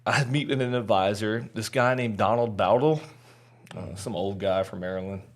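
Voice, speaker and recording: A man's voice: fairly low pitch, moderate pace. A man guest on a podcast, telling his personal testimony in an earnest, candid, chatty way with frequent fillers.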